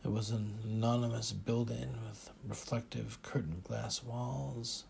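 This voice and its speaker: A man narrating a first-person audiobook in a measured, dry manner. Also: medium pitch, fairly even intonation, vocal fry, a little mellow, a little hiss or hum.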